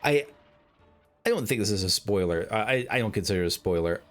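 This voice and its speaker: Male let's player, hoarse today, rambling and self-interrupting, low-pitched. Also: expressive, fast talker, soft background music. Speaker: game streamer. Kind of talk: let's play commentary.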